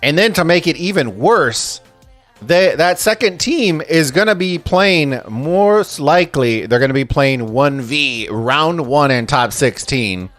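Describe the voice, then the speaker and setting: A man casting a strategy game tournament on a live stream, excitable and chatty, swearing freely as he reads viewer messages. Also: a little high, a little slow, no echo, soft background music. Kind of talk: casual live-stream commentary and chat reading.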